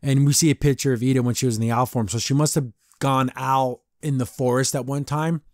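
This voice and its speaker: A young man hosting a podcast, casually recapping a cartoon episode and voicing the characters in quick impressions, with frequent restarts. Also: mid-range voice, steady tone, no room sound, studio quality. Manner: retells scenes with quick voiced impressions, restarts and stammers. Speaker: podcast host.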